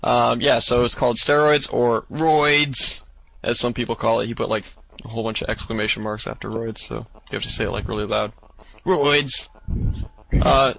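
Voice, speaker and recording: A young man co-hosting a casual gaming podcast, relaxed and quick to chuckle. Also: fairly low pitch, vocal fry, breathy edge, low-quality recording. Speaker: podcast co-host.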